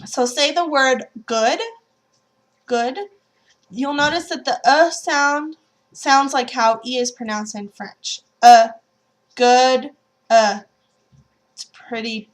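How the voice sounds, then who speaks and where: A woman teaching French pronunciation, modeling nasal vowels and having learners repeat drill words after her. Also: high voice. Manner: slow, demonstrates sounds and repeats drills. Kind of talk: language lesson.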